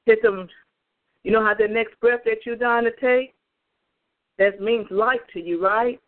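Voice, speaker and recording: A woman's voice: a little high, fairly even intonation, unhurried. A woman evangelist giving an emphatic, fervent spoken testimony on a prayer call, speaking straight to her listeners over the phone. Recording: tinny phone line.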